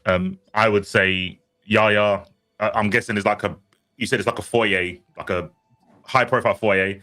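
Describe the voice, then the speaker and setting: A man with a low, bright, forceful tone plays in a tabletop game. He speaks softly and hesitantly, filling gaps with ums. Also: fairly even intonation, moderate pace. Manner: soft, hesitant, with fillers. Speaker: player. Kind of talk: casual chat.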